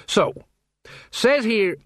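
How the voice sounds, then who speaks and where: Man voicing a bumbling middle-aged sergeant, sing-song, full of uhs, lively pitch, dry sound. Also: drawn-out words, dry recording, heavily acted. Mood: uncertain. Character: flustered middle-aged male watch sergeant, pompous.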